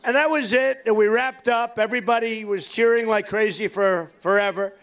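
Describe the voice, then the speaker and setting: An older man giving a campaign rally speech to a large crowd, boastful and rambling, repeating himself and sometimes shouting. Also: high-pitched, normal speed. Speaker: political candidate at a campaign rally. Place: large rally venue before a cheering crowd.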